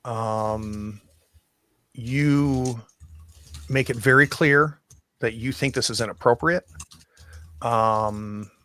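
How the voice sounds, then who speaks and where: A man acting as game master, narrating a tabletop horror game in a slow, hesitant way with many pauses and restarts. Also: mid-range voice, bright, forceful tone.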